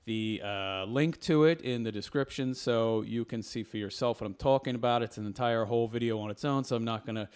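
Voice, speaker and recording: Man giving a lecturing rebuttal. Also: medium pitch. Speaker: commentator. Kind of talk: argumentative reaction commentary.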